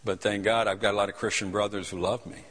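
A man's voice: on the low side, little pitch movement, fast, fairly bright tone, breathy edge. A man preaching a sermon, telling stories passionately with frequent restarts. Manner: impassioned storytelling preacher with repeated restarts. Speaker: pastor. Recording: long hall reverb.

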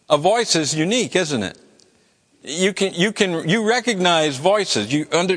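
A man delivers an evening sermon, earnest and steady, often doubling back on a word before pressing his point. His voice sits at an ordinary pitch and trails off into the lingering echo of a large church. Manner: earnest, repeats words while building a point. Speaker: preacher.

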